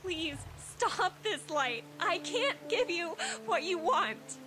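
A woman's voice: very high-pitched, slow, noisy background, exaggerated voice. A woman voicing a pleading young lioness. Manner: pleading, tearful. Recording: animated clip with loud music.

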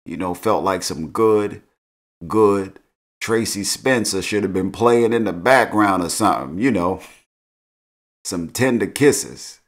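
A man's voice: low voice, slow pace. A middle-aged man casually recapping a TV episode in slangy, laid-back talk, laughing at his own jokes. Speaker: show recap host.

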